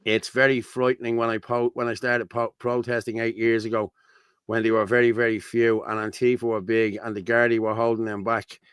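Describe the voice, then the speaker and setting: A man's voice: mid-range voice, little pitch movement, brisk, a bit bright, clean tone, no echo. A man with a Dublin accent hosting a casual livestream, talking bluntly and reading out viewer comments. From Ireland. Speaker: host.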